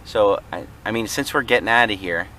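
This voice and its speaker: A man's voice: fairly low pitch, a little fast, pushed and bright, slight background noise. A man vlogging casually from a car, joking, laughing often and mimicking friends in silly voices. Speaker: reseller vlogger. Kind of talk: casual car vlog chat.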